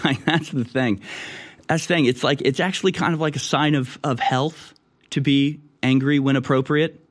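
A man hosting a talk show, talking casually and sarcastically, building to heated rants. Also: medium pitch. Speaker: show host.

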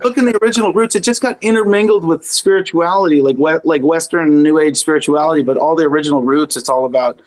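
A man's voice: on the high side, fast, few pauses. A man as a podcast guest, chatting casually and animatedly about spirituality, swearing freely and mocking his own inner voice.

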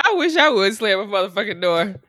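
A woman's voice: medium pitch, big pitch swings, fairly bright tone, no room sound, clean studio sound. A young woman co-hosting a podcast, joking in casual chat with a sassy, emphatic way of talking. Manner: sassy, emphatic, quick to joke. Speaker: podcast co-host.

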